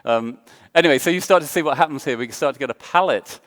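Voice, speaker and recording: A man's voice: fairly high pitch, quick pace, fairly bright tone. An Englishman giving a design talk on a conference stage, self-deprecating and joking, with lots of ums and uhs. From England. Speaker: conference speaker.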